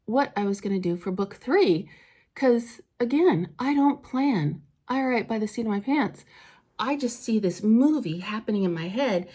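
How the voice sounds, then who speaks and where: A woman's voice: medium pitch, dark tone, husky. A woman talks casually and enthusiastically about her work. She rambles a little and uses plenty of fillers, in the loose, friendly tone of a get-ready-with-me vlog. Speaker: author and vlogger.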